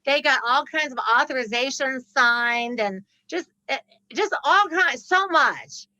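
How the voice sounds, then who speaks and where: Bright high-voiced woman telling a story. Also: animated, unhurried, no echo, rough recording. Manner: laughs often, acts out the people in her story. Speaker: podcast guest. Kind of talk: animated storytelling.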